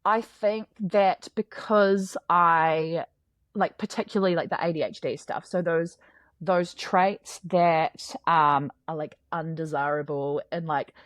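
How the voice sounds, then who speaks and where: A woman's voice: sits low, slow, dry recording. New woman, candid and chatty. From New Zealand. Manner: candid, rambling, fills with "like". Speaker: podcast guest. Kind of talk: casual conversation.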